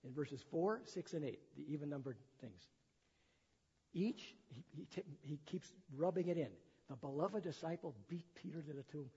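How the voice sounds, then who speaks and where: A pastor with a slightly high, dark voice and a breathy edge preaches at a moderate pace. He reads the gospel and retells it in plain language with chatty asides, captured as dull sound in a church sanctuary with long echo.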